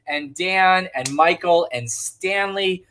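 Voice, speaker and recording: A man's voice: high voice, slow, sharp tone, slight background noise. A man co-hosting a livestream bingo show, upbeat as he asks for tips and thanks supporters. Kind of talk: casual livestream chat.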